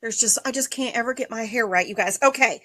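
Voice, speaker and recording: A woman hosting a casual livestream sale from a basement, talking in a mock-calm, sarcastic way with sighs and throat-clearing. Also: fairly high pitch, quick pace. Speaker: livestream seller and host. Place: home basement room.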